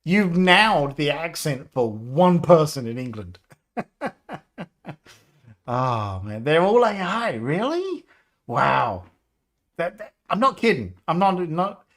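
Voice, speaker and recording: A man in his fifties rambles through a casual live stream. His voice is a touch high and swings widely in pitch. He laughs often and drifts into nostalgia. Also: sing-song, measured pace, fairly bright tone. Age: 50s. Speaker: game developer livestreamer.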